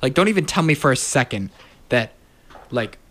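Young male radio co-host, quick to react, plain mid-range voice. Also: medium pitch, sing-song. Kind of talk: late-night radio chat.

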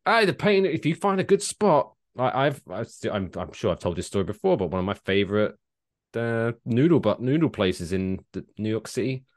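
A man from England co-hosting a comedy podcast, telling stories in a lively, jokey way and slipping into silly voices. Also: fairly low pitch, normal speed. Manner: animated, slips into silly put-on voices. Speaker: podcast co-host. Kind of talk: comedic storytelling chat.

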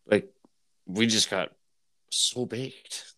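A young man with a low voice chats in a relaxed way and drops in quick jokes. The sound is close and dry. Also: no room sound. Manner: laid-back, quick with joking interjections. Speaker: podcast co-host. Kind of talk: casual chat.

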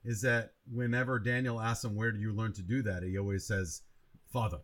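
A man's voice: on the low side, flat delivery, brisk, fairly bright tone. Rambling man in a casual movie chat. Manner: reflective, rambling with many restarts.

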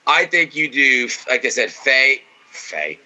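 A man's voice: medium pitch, sing-song, takes it slowly, bright, forceful tone, dull audio. A man co-hosting a casual podcast, watching wrestling and giving blunt, opinionated takes full of swearing. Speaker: podcast co-host.

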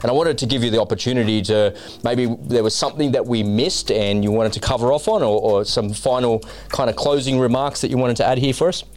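A man's voice: medium pitch, a little fast, few pauses, darkish tone. A man hosting a podcast, asking questions in a friendly, encouraging way. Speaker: podcast host. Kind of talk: casual podcast interview.

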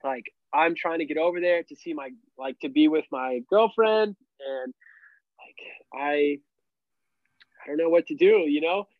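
A young man tells his story in a casual, rambling way, dropping "like" into nearly every sentence. His voice sits a little high for a man. The sound is dull and lo-fi, in a dry space with no room echo. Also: measured pace, pauses often. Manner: animated, heavy use of "like" fillers. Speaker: podcast guest.

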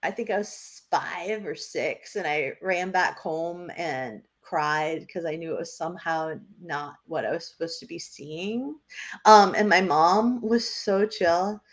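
A woman's voice: on the low side, unhurried. A woman from New Hampshire co-hosting a podcast, telling stories in casual chat and laughing often. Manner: lively storyteller who laughs often. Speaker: podcast co-host.

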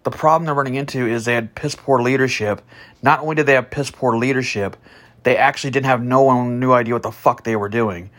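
A man telling a story about a past job as a podcast host, blunt and profane, starting slow and soft, then growing loud and heated. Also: mid-range voice. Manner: slow and soft at first, growing louder and animated. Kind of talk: casual storytelling monologue.

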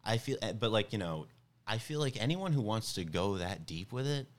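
A young man casually telling a long story on a podcast, rambling and animated, full of fillers and restarts. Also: fairly low pitch, moderate pace. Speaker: podcast guest.

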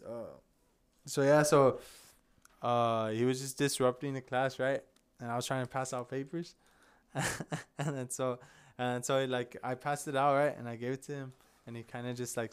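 A young man chats on a podcast, spinning a loose, rambling story. He laughs often and swears freely. His voice is smooth and resonant, at a middle pitch. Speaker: podcast co-host. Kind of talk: casual chat.

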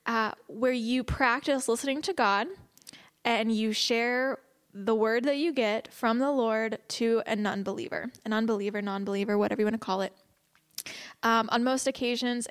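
A woman leading a church evangelism class, teaching casually and telling stories, chatty and quick to laugh. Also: fairly high pitch. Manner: chatty, laughs often, animated when quoting others.

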